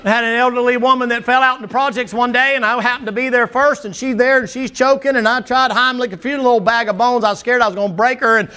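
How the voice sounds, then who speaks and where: A man's voice: extremely high pitch, steady tone, quick pace, hardly any pauses, bright, forceful tone, clear, resonant tone. A man preaching a sermon to a church congregation, telling folksy, humorous stories. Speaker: pastor. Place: church sanctuary before a congregation. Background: congregation answering amen.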